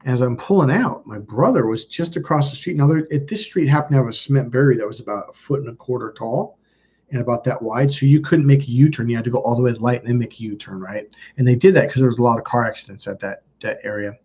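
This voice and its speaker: A man's voice: medium pitch, fast talker, darkish tone, husky. A man in his thirties hosting a livestream, telling a personal story to his chat in a rambling, blunt way, swearing freely. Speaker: livestream host. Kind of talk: casual storytelling to a live chat. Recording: muffled lo-fi stream audio.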